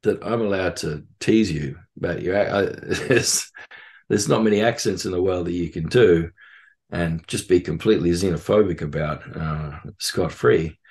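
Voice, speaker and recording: A man with a very low, rumbling voice talking casually as a podcast guest. He rambles through his points with lots of "you know" and "uh" and laughs often mid-sentence. His tone is loose and teasing. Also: moderate pace, a little mellow. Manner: rambling, trails off with fillers. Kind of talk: casual conversation.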